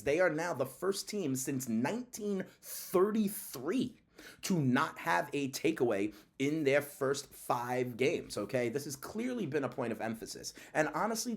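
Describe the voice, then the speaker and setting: Male sports channel host, lively pitch, emphatic and repetitive delivery in casual commentary. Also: a little slow, creaky.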